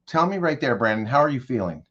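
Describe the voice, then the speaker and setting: A man's voice: mid-range voice, expressive, fast talker, fairly bright tone, husky, highs cut off. A male consultant in an interview, walking the host through an imagined scenario and checking in with direct questions. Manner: leads the listener with direct questions. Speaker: guest consultant. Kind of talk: guided storytelling in an interview.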